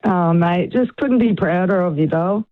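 A woman's voice: fairly low pitch, measured pace, no room sound. A mother calling into a radio show, proud and emotional. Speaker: caller, mother. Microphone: phone. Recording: tinny phone line.

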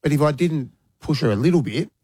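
A man hosting a radio show, telling a lively story and acting out quotes with punchy sound words. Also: fairly high pitch, fairly quick, breathy edge, dry recording. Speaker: radio host. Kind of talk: casual storytelling chat.

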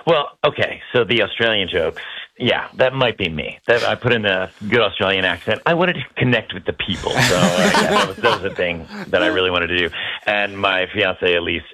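American male interview guest, very deep, bright-toned, chatty and self-deprecating, studio mic. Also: animated, fairly quick, low-quality recording. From United States. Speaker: guest, musical theatre actor. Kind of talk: radio interview chat. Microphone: studio microphone.

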